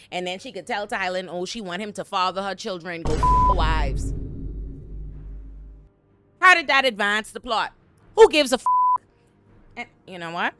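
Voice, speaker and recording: A woman in her thirties giving an animated, profane, exasperated recap of a TV episode. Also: on the low side. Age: 30s. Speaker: TV recap host. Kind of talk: casual episode breakdown.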